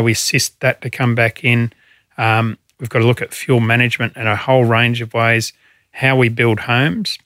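An Australian man in middle age answers interview questions in an earnest, feeling way, pausing on fillers as he thinks. His voice sits at an ordinary pitch and is recorded close and dry, with no room sound. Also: a bit bright, no room sound. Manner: earnest, emotional storytelling, frequent fillers. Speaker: former fire commissioner.

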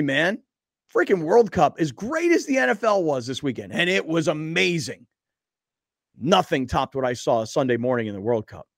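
A man's voice: a little high, vocal fry, no room sound. A man hosting a casual sports talk radio show in a studio, chatty and self-deprecating, telling stories with emphasis. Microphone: studio microphone.

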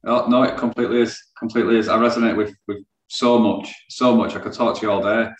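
Quick-talking man host in an echoey room. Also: on the low side, fairly even intonation. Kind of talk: casual interview.

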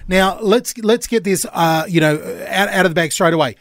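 A man's voice: sits high, moderate pace, a bit bright, no room sound. A man hosting a casual radio interview in a studio, upbeat, laughing easily and asking long, rambling questions. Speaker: radio host. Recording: dry studio sound.

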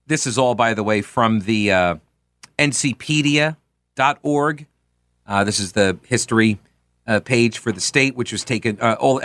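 A man's voice: mid-range voice, sharp tone, no echo, studio quality. A man hosting a radio talk show, reading history aloud with playful mock grandeur.

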